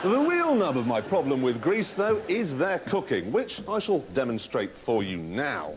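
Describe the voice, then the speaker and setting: A man's voice: fairly high pitch, huge pitch swings, moderate pace, hardly any pauses, loud music behind the voice, poor audio. A man hosting a comedy show, delivering a wry, mocking comic monologue to camera. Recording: loud background noise.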